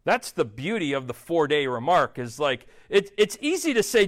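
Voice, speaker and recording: Male pastor, relaxed conversational preaching, expressive up-and-down delivery, light humor. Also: a little high, normal speed, hardly any pauses. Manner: animated, conversational, jokey asides between scripture readings. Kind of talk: casual expository sermon.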